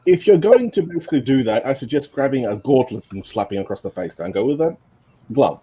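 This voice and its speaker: Guy in a casual group chat, playful, hunts for words, swings his pitch a lot. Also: lively intonation, fairly quick, warm tone, a little hiss or hum.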